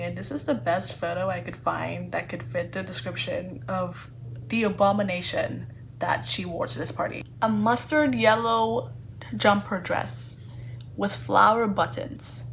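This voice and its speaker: A woman talks through a book review in a chatty vlog, animated and teasing with a sarcastic edge. She piles on fillers as she goes, and her voice sits at an ordinary middle pitch. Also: unhurried, gravelly, slight background noise. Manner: animated, sarcastic, playfully indignant.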